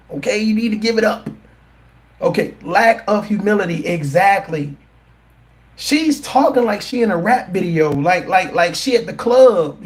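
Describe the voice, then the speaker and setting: Animated high-pitched man ranting to chat. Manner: animated, incredulous, repeats himself and restarts often. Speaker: commentary vlogger. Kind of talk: opinionated commentary to a live chat.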